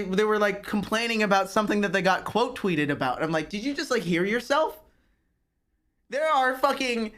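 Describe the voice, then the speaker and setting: A man's voice: sits high, fairly bright tone. A young man chatting casually on a live stream, ranting and mocking himself with plenty of profanity.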